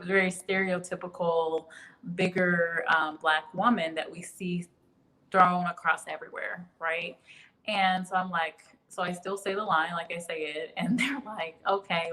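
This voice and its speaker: A woman's voice: lowish voice, sharp tone, poor audio. A young woman hosting a casual live chat, talking freely, laughing often and answering viewer comments. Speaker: livestream host.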